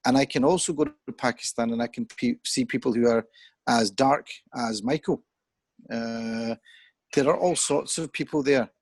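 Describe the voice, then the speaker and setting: A man in his fifties, a guest on a chat show, thinks aloud about his views in an earnest, reflective conversation that sounds like a video call. His medium-pitched voice moves at a moderate pace with no echo.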